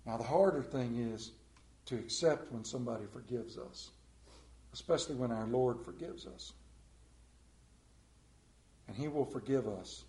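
Dramatic man preaching in a roomy church. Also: medium pitch. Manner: dramatic, emphatic scripture reading with wide swings in loudness. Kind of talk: sermon. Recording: roomy echo.

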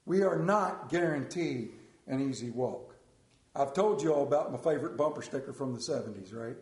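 A man preaching a sermon as pastor, conversational and joking, often dropping to a hushed voice. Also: a little high, big pitch swings, normal speed. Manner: humorous, conversational preaching with sudden hushed drops. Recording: roomy church echo.

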